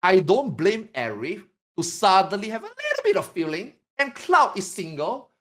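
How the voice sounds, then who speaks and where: Animated, profane man chatting on a podcast. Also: high voice, normal speed. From Singapore. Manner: animated, profane, emphatic storytelling. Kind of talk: casual podcast chat.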